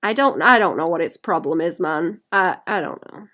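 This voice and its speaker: A woman's voice: lowish voice, animated, moderate pace, a bit bright. A woman artist talking to her stream chat while painting, sweary and self-mocking, often muttering and whispering to herself. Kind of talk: live-stream chat with viewers.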